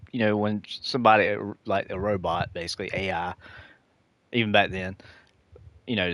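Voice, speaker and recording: A man's voice: on the low side, a bit bright, no room sound. A man streaming a game, chatting casually and rambling off on tangents, laughing at his own stories. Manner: rambling, easily sidetracked storytelling. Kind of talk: casual live-stream chat.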